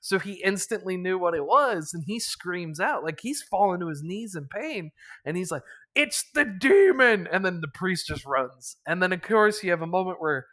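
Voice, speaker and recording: A man's voice: high-pitched, animated, normal speed, bright, forceful tone. A man casually recapping a tabletop campaign as its game master, rambling with lots of fillers and chuckles.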